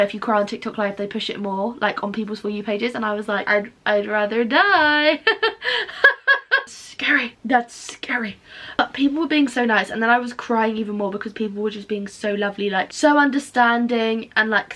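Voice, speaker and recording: Young girl vlogging, chatty and rambly, lots of likes, kinda high voice. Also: a bit bright. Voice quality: tearful. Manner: chatty, self-mocking, rambling with many "like"s. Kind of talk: casual confessional vlog chat.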